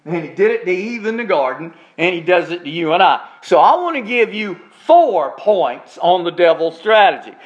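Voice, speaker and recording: A man preaching a sermon as pastor, stretching out key phrases slowly for emphasis. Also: high voice, sing-song, dull audio. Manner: preaching with slow, drawn-out emphasis on key words.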